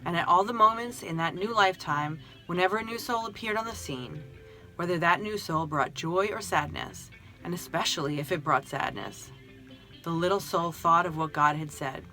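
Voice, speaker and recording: A woman reading a spiritual storybook aloud in a gentle, emotional manner. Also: on the low side, normal speed, faint music behind.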